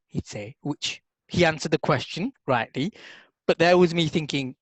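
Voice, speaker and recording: A man, a podcast co-host, telling a story in casual chat with lively repeats and restarts. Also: on the high side, brisk, no room sound, low-quality recording. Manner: animated storyteller, repeats words when excited. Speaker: podcast co-host, NLP practitioner.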